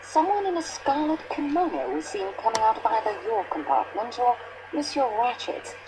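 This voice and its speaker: A woman's voice: on the high side, sing-song, normal speed, background noise. An actress with a French accent playing a patient young female investigator in a mystery video game, formal and clipped.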